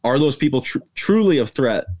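A man's voice: mid-range voice, animated, a little fast, darkish tone. A man, a guest hunter in a casual podcast interview, explaining his approach step by step.

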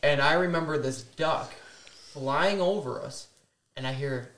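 A man's voice: on the high side, moderate pace, a bit bright. Male guest, earnest detailed storyteller, roomy echoey sound. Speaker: family guest. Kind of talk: casual storytelling chat. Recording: echoey room.

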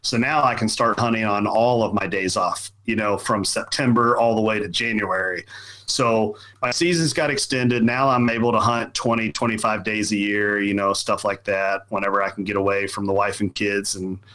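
Middle-aged male guest, low voice, loose chatty storyteller full of restarts. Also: fairly even intonation, normal speed, sharp tone, low-quality recording. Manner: rambling, repeats words, filler-heavy. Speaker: podcast guest. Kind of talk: casual storytelling.

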